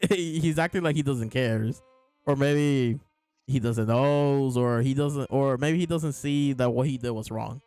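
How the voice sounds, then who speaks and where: A man's voice: medium pitch, unhurried, a little mellow, smooth, dry recording, soft background music. A man casually chatting as a show host, amused and laughing often as he talks. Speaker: podcast host reviewing manga. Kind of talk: casual chat.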